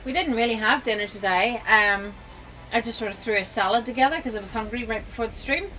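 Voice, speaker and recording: Northern irish woman, stream co-host, bright tone, fairly high voice, teasing. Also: quick pace, a little hiss or hum, rough recording. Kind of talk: casual live-stream chat.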